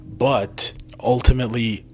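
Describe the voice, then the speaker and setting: A man's voice: medium pitch, steady tone, a little slow, a little mellow. A young man giving blunt, self-mocking commentary as a music reviewer in a casual vlog.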